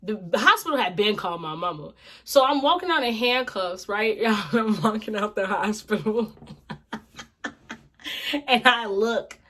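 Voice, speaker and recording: A woman vlogger telling a casual storytime tale in an animated, slangy, expressive way. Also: mid-range voice, measured pace.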